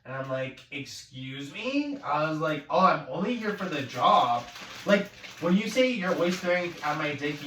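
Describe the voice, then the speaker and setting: A man venting in a profane rant, swearing constantly and rising to angry shouts. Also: fairly high pitch. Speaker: vlogger. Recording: echoey room, far from mic, noisy.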